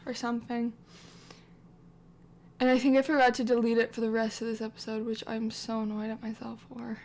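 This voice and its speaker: A woman hosting a game channel, narrating her life-sim story in a rambling, chatty way with lots of filler words. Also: a little high. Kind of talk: casual let's-play commentary.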